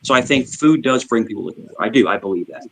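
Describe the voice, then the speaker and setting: A man's voice: mid-range voice, animated, quick pace, poor audio. Chatty man rambling on a call. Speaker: panelist. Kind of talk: casual panel chat.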